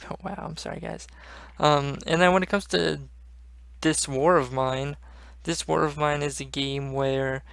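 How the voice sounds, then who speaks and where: A man's voice: mid-range voice, vocal fry, a bit bright, no echo. A young man hosting a gaming channel, rambling casually and swearing often. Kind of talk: casual gaming vlog chat.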